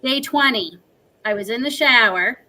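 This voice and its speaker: A woman's voice: fairly high pitch, measured pace, very noisy. A woman in her forties, a livestream guest, telling a personal story in an earnest, emotional, talkative way.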